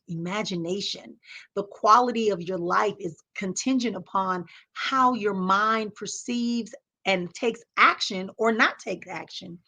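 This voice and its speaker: A woman leads a motivational talk. She speaks emphatically, repeating key phrases in a teaching rhythm, at a middle pitch. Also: fairly bright tone. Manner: emphatic, repetitive teaching cadence. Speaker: host.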